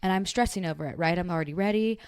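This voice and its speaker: A woman's voice: fairly low pitch, very fast, clear, resonant tone, dry recording, studio quality. A young woman co-hosting a podcast, telling a story in casual chat and acting out what people said. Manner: animated storyteller, acts out quotes. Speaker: podcast co-host.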